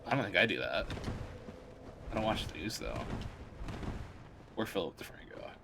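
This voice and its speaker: A man with a fairly low voice rambles in casual chat while he plays a game on stream, full of jokey asides and filler words. Game noise with gunfire and engines rumbles clearly behind him. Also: very animated, moderate pace.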